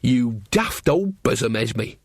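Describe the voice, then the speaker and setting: A man voicing a cheerful old female witch who mumbles and tries to smooth things over. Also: medium pitch, animated, takes it slowly, no room sound, studio quality. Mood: soothing. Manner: chummy, mumbling, soothing.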